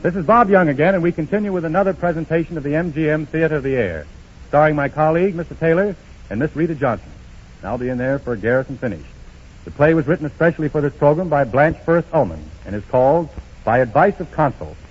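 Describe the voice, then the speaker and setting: A man hosting and introducing a radio drama with a brisk, friendly manner. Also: fairly high pitch, animated, slightly rough. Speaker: host. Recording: muffled 1930s radio broadcast from far off.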